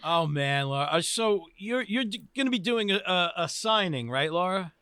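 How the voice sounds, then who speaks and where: A man with a Staten Island New York accent, co-hosting a casual podcast chat, animated and quick to laugh. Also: high-pitched, smooth. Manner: animated, laughs often, swings between excited and mumbled. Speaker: podcast co-host.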